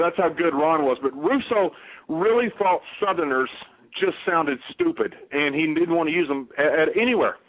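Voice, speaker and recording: Blunt Southern man on the phone. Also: fairly high pitch. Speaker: guest. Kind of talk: casual interview. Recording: tinny phone line.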